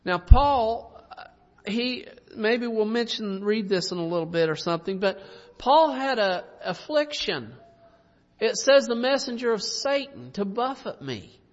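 Male preacher, high-pitched, homespun delivery with tag questions, muffled recording with long hall echo. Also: lively intonation, unhurried. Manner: folksy preaching, rhetorical tag questions, soft chuckles. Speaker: pastor. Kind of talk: sermon. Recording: dull sound with long reverb.

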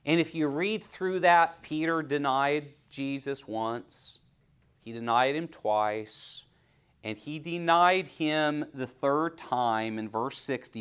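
A man preaching a sermon, asking the congregation questions and swinging from hushed near-whispers to loud, rising exhortation. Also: mid-range voice, clean tone.

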